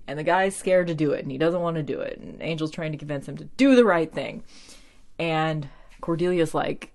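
A woman's voice: low voice, normal speed, darkish tone. Chatty woman in her thirties, rambling. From American Midwest. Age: 30s. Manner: chatty, rambling, full of "like", giggles often. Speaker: TV show recapper. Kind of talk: casual chat.

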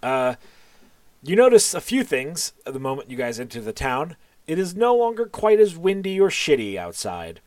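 A man's voice: on the high side, very animated, normal speed, a little mellow, no room sound. A man narrating as game master of a tabletop game, loose and casual, with plenty of fillers and the odd curse.

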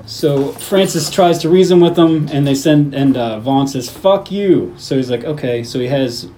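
A man recounting a film's plot scene by scene for his podcast cohosts, slipping into the characters' lines as he goes. His voice sits at an ordinary middle pitch. A faint hiss runs under the recording. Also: normal speed, poor audio. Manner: animated retelling, acting out movie lines. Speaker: podcast host. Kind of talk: casual movie recap chat.

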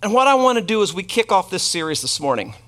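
A man delivers a sermon in a high, light voice. He tells the story loosely and conversationally. He breaks off to toss asides and questions to the congregation. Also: sing-song, fast, fairly bright tone. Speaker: pastor.

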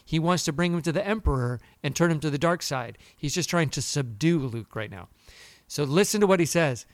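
A man co-hosts a casual podcast and tells his story with animated energy, acting out each person he quotes. His voice sits a bit high. The sound is dry and close. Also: fairly quick, no room sound. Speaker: podcast co-host. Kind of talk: casual chat.

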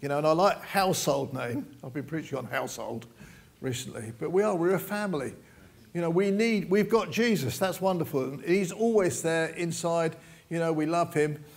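A man's voice: on the high side, moderate pace, creaky. An older man giving an informal, jokey sermon in a church, full of "you know" asides. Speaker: visiting preacher.

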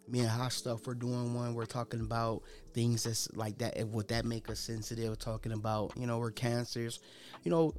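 A man's voice: medium pitch, a little mellow. A young man hosting his own podcast, talking unscripted in a loose, rambling, slangy way. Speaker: podcast host. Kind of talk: unscripted casual monologue.

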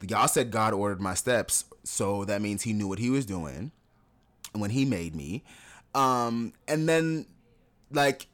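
A man's voice: fairly low pitch, takes it slowly. A young adult man co-hosting a podcast, telling candid personal stories in casual conversation and laughing often. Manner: candid, laughs often, animated when acting out others. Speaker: podcast co-host.

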